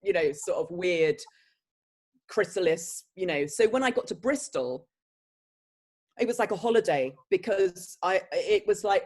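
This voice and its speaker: A woman, an actress answering interview questions with lively, laughing anecdotes. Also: lowish voice, measured pace. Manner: animated storyteller, breaks into laughter. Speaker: actress guest.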